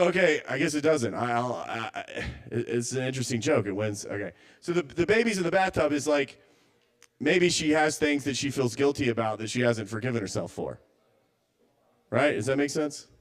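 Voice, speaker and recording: A man's voice: medium pitch, moderate pace. A man doing a stand-up set at a live open mic, rambling and self-doubting, stammering through restarts.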